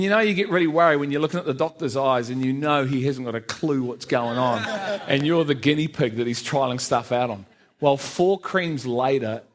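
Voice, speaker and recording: A middle-aged man tells his own story to a church congregation. His pitch sits in the ordinary middle range for a man. He pokes fun at himself, laughs often and acts out the dialogue in his story. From New Zealand. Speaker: church speaker giving testimony. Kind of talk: personal testimony in church. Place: church service.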